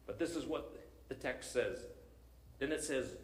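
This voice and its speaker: A man's voice: mid-range voice, unhurried, reverberant, low-quality recording. A male pastor preaching a sermon, telling a story with animation and frequent chuckles.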